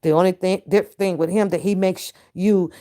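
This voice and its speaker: A woman's voice: lowish voice, steady tone, normal speed, mellow. A woman ranting straight at her viewers in a casual vlog, profane and often laughing. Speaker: reaction vlogger. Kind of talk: casual to-camera rant.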